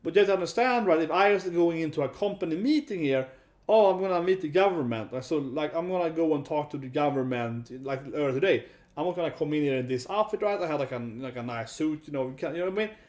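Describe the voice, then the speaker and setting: A man with a fairly high voice talking through a casual commentary vlog. He rambles, restarts and keeps checking in with 'right?'. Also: quick pace. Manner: rambling, repeats 'right?' often. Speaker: YouTube commentator.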